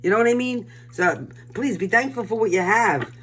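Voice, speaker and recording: A woman's voice: mid-range voice, expressive, normal speed, slight background noise. An older woman from Brooklyn with a New York accent, giving a casual collective tarot reading in a blunt, emphatic, pep-talk way. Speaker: tarot reader.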